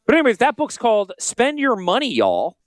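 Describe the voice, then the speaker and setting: A man with a Northern US Yankee accent, a financial advisor hosting a casual promotional podcast with salesy, jokey asides and a high-pitched voice. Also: huge pitch swings, brisk, no echo. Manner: self-described high-pitched voice. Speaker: financial advisor and radio host.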